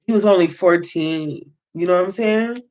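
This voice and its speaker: A woman's voice: lowish voice, moderate pace, a little mellow. Emphatic woman reading a novel aloud. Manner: emphatic, talks back to the text, swears freely. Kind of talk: casual read-aloud with reactions. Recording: dull lo-fi sound.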